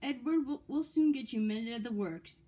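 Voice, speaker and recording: A woman's voice: fairly high pitch, normal speed, warm tone, lightly acted. Woman doing a proud, praising male railway boss, toy story.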